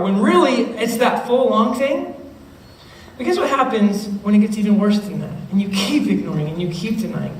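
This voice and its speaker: Young male youth speaker, high voice, animated and chatty, heard from a distance in a roomy hall. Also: moderate pace. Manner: animated, acts out students' voices, keeps checking in with the listeners. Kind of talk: youth talk to middle schoolers. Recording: roomy, distant mic with faint noise.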